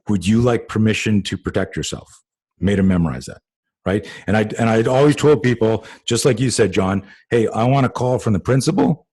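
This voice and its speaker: A man hosting a self-defense talk show, telling a long story in a lively way and acting out the people he quotes. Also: fairly low pitch, breathy edge. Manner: animated, acts out quoted voices, many fillers. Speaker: host and self-defense coach. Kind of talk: conversational storytelling.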